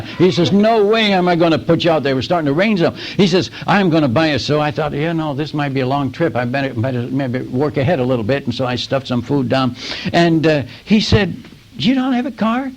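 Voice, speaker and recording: A man preaching a sermon as an animated storyteller who acts out the other people's lines in his own telling. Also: a little high. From United States. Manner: animated storyteller acting out dialogue.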